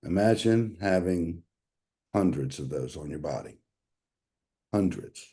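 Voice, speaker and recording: A man in his 60s earnestly shares his own health testimony with an audience, calling them "y'all." His low, mellow voice has lively intonation and moves a little slowly.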